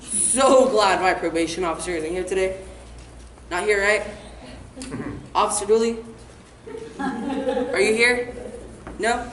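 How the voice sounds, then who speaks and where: A woman's voice: mid-range voice, takes it slowly, pauses often, close to an everyday voice. A young woman acting out a reckless, rambling teen troublemaker in a comic stage monologue, live in a theater. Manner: breezy, rambling, full of "like" and "right?". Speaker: student actor in a stage monologue. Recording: echoey theater hall, faint hiss.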